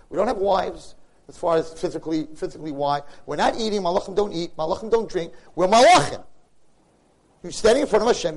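A man giving a Torah lecture, impassioned, swinging from hushed asides to loud pleading, with Hebrew and Yiddish terms. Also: high-pitched, vocal fry.

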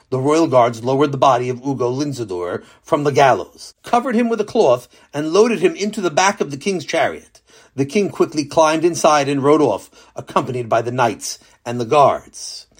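A man narrating a children's story with a lesson at the end, lively and animated. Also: mid-range voice, normal speed, husky.

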